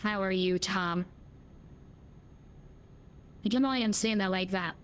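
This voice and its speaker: A woman's voice: medium pitch, takes it slowly, pauses often, slight background noise. A woman streaming a driving game, chatting in a cheeky, jokey, rambling way. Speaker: gaming streamer. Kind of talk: casual gameplay chat.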